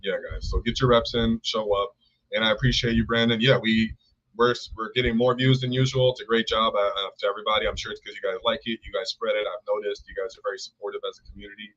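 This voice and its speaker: A man's voice: on the low side, flat delivery, fast talker, a bit bright. A man co-hosting a casual live stream, talking enthusiastically, rambling and thanking viewers by name. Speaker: co-host. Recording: dull lo-fi stream audio.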